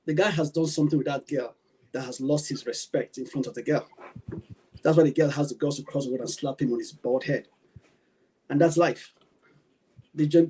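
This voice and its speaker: Emphatic Nigerian man with a husky voice. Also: a little high, mellow, poor audio. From Nigeria, Edo State. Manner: emphatic, with rhetorical questions and repeated phrases. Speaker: caller. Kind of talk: call-in opinion commentary.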